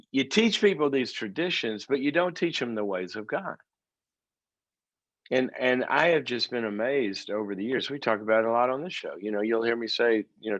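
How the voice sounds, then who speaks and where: A man's voice: mid-range voice, dry recording, low-quality recording. A man, a psychologist and show host, telling a story to a studio audience and acting out the people in it. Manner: animated storyteller, acting out quoted voices.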